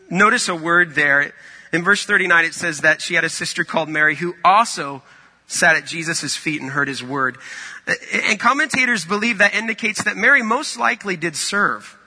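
A man's voice: on the high side, normal speed, pushed and bright, long reverb tail. A man preaching a sermon in a conversational, storytelling way. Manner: conversational, storytelling with acted-out quotes.

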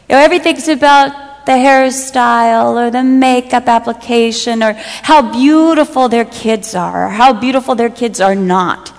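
A woman's voice: a little high, normal speed. A middle-aged woman giving a sermon, telling personal stories and acting out what friends said with humor. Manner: storytelling, acts out quoted friends with humor. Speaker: speaker giving a talk to women. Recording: long hall reverb.

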